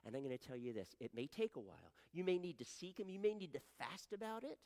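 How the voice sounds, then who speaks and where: A middle-aged man preaching a sermon as pastor, animated and swinging from quiet asides to loud emphatic pleading. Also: fairly high pitch, fast, few pauses. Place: church sanctuary. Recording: long hall reverb.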